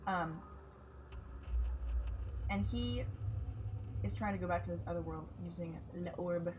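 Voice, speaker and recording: A woman streaming a game live, excitable, swearing and talking to herself as she plays. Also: lowish voice, unhurried, music in the background. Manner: excitable, swears, talks to herself while playing.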